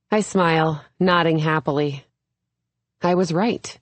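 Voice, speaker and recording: Low, slow-spoken woman narrator. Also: dry recording. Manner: measured, even storytelling. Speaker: audiobook narrator. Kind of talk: scripted first-person narration.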